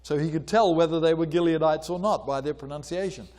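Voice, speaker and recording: An older man giving an informal lecture on archaeology, conversational with many pauses and fillers, sometimes acting out voices as he retells a story. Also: fairly high pitch, a little mellow.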